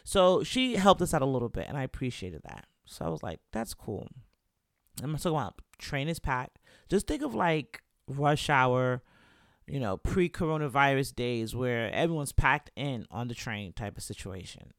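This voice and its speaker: A young man from the United States raps as he tells a travel story, his medium-pitched voice moving at a moderate pace. He's animated and chatty, packing in plenty of "like" and "you know." The studio-quality recording has no echo.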